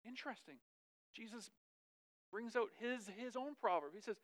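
A woman preacher giving a conversational sermon, lively and chatty, often checking in with her listeners. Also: fairly high pitch, a little fast.

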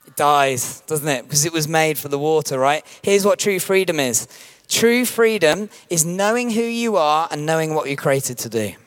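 Guy pastor preaching, kinda high voice, acts out little stories. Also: normal speed. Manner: animated storytelling, acting out quotes. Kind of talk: sermon.

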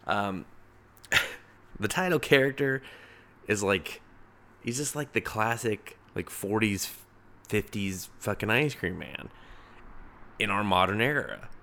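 A young man with a slightly low voice talks through this week's comics in a loose, unscripted ramble. He swears constantly, circles back on himself, and chuckles at his own asides, like a solo review podcast. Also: slow pace, pauses often, pushed and bright. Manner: profane, rambling, laughs at his own jokes.

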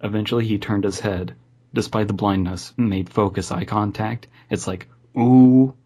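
A man's voice: on the low side, steady tone, moderate pace, darkish tone, husky. A man co-hosting a podcast, chatting casually, swearing and reading a horror story aloud. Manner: swearing, enthusiastic, dry asides. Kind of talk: casual chat and read-aloud.

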